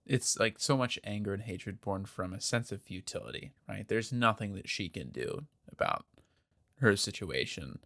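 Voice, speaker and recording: A man co-hosting a podcast, reflecting on a film scene in a measured way with frequent pauses and "um"s. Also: fairly low pitch, animated, vocal fry, fairly bright tone. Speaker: podcast co-host. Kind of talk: casual film discussion.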